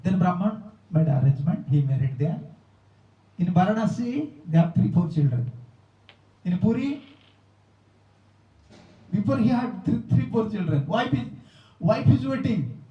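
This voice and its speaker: A man giving a spiritual talk, telling a story in simple non-native English with lively animation. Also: high-pitched, measured pace, pauses often. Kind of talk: sermon with storytelling. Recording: roomy, distant, dull lo-fi.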